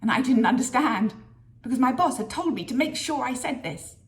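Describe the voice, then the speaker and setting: A woman vlogging a workplace story, lively and acting out the voices of people she quotes. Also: high-pitched, fairly quick. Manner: lively storyteller who acts out quoted dialogue. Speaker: business leader sharing a career story. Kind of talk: storytelling vlog.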